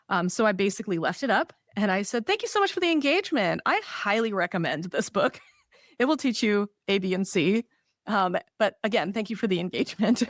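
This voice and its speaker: Woman podcast co-host, chatty and animated, casual advice, mid-range pitch, dry sound. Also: no echo. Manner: chatty and animated, laughs often.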